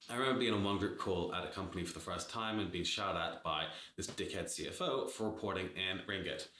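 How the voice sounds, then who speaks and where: A man's voice: deep voice, fast, bright, forceful tone, echoey room, slight background noise. A man giving blunt, sarcastic startup advice in a casual talk to camera, swearing freely. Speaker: startup advisor.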